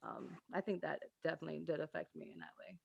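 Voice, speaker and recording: A candid woman, reflective and unhurried, with a lowish voice. The recording is a little dull and muffled, and the room is dry. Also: level tone, gravelly, slightly rough, no room sound. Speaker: podcast co-host. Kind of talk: casual chat.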